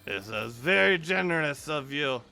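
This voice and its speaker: A man voicing a male tavern bouncer in a low, grumbling tone. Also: animated, moderate pace, gravelly, bright, forceful tone, soft background music, exaggerated voice. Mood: obliging.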